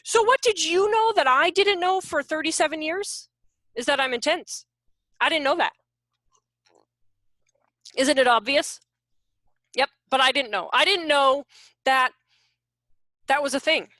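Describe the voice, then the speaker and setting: A woman in her forties, a behavior consultant, giving an animated, jokey online workshop talk over a video call. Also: high voice, measured pace, long pauses, no room sound, studio quality. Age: 40s. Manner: animated, self-deprecating, jokey.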